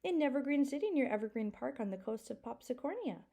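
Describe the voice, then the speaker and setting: Woman voicing a cheerful nine-year-old boy for a storybook, eager and bright, high and lively. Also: quick pace, heavily acted.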